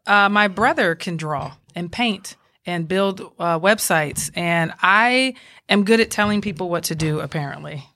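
A young woman with a soft Southern accent tells stories in a relaxed interview. Her voice sits a little low for a woman. She is animated and laughs easily. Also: unhurried. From Georgia, US. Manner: animated, talks with her hands, laughs often. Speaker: police officer, guest. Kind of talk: casual interview storytelling.

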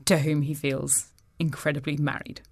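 A woman, a guest author, retelling a novel in a wry, expressive way during a casual book chat. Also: sits low, moderate pace, no room sound, studio quality.

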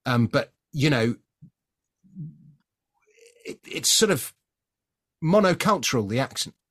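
A man's voice: medium pitch, lively intonation, slow, fairly bright tone. A middle-aged man from London hosting an interview, chatty and opinionated, often hesitating at the start of a point. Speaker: podcast host. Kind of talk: conversational interview.

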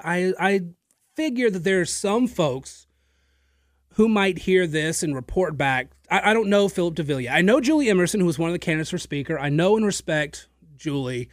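Man, talk radio host, political monologue, emphatic, higher voice, dry studio sound. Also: dry recording. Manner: emphatic, opinionated, addresses listeners directly; occasional filler and repeated words. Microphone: studio microphone.

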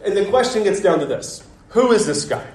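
A man in his thirties preaching a sermon as pastor, telling a family story in a relaxed, conversational way with gentle self-deprecating humor. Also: high-pitched, brisk. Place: church sanctuary. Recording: echoey church sanctuary.

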